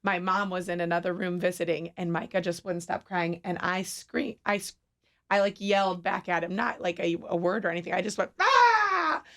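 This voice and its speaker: A woman's voice: lowish voice, little pitch movement, fairly quick. Candid, self-laughing woman radio guest. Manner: candid, laughs easily at herself. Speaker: radio guest from a city mission. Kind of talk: casual radio chat. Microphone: studio microphone.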